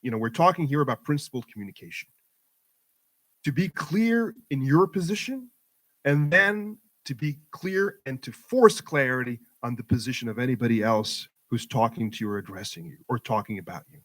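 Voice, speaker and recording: A man's voice: mid-range voice, animated, moderate pace, fairly bright tone. A middle-aged man giving an impassioned talk to a community audience at a mosque event, building his points through emphatic rhetorical repetition. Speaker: guest speaker at community program.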